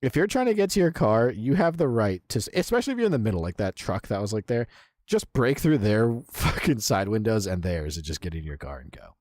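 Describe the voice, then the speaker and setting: A man's voice: fairly low pitch, very animated, a little fast, darkish tone, no echo, studio quality. A man streaming live, reacting to videos with profane, incredulous commentary.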